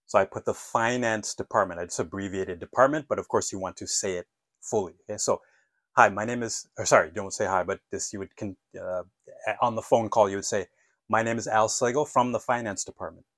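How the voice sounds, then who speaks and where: A man teaching an English lesson, modeling phone phrases clearly and patiently asking listeners to repeat after him. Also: lowish voice, fairly quick, a bit bright, no room sound.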